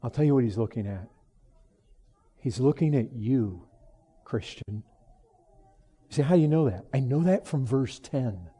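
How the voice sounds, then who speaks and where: A man preaching a sermon, moving from hushed, low passages to raised, emphatic lines. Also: expressive, a little slow, long pauses, slightly rough. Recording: long hall reverb.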